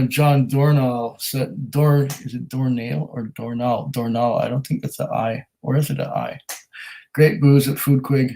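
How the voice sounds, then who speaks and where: Laid back guy doing a live stream at home, reads out chat, lots of ums, mid-pitched voice. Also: darkish tone, poor audio. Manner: easygoing, chatty, lots of ums and restarts. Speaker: whisky livestream host. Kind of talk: casual live-stream chat, reading comments aloud.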